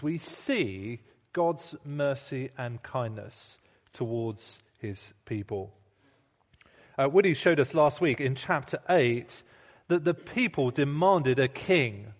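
A man preaching a sermon in a conversational way, asking rhetorical questions and sometimes restarting his sentences. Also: fairly high pitch. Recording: long hall reverb.

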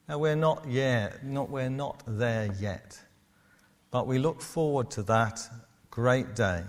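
A man preaching a sermon to his congregation in a church, measured and steady. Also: medium pitch. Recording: long hall reverb.

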